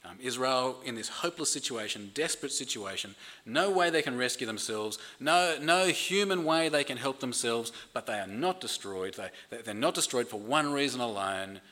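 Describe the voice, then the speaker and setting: Bright-voiced man preaching a sermon. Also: medium pitch, animated, normal speed. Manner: earnest, repeats words when emphasizing. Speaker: pastor.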